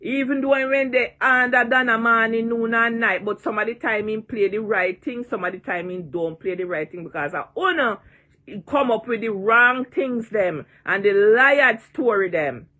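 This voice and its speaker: A woman's voice: a little high, normal speed, sharp tone. A woman in her sixties with a Jamaican accent, ranting and taunting in a vlog, repeating her jeers and cursing freely. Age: 60s. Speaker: online personality.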